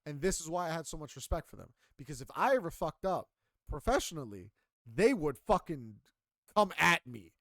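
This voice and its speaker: Young male podcast co-host, casual and profane storyteller, voice sits a bit high, dry sound. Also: normal speed, no room sound. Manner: animated, profane, emphatic storytelling.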